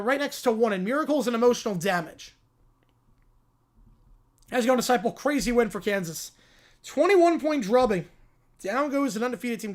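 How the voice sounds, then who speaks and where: A man hosting a live sports reaction stream, casually reading and answering viewer messages. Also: extremely high pitch. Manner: offhand, reads viewer messages and answers them. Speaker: livestream host.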